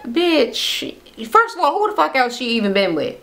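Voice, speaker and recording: A woman's voice: high-pitched, sing-song, moderate pace, gravelly, a bit bright. A woman vlogger recapping a reality show in a casual, blunt, profane rant, acting out what other people said.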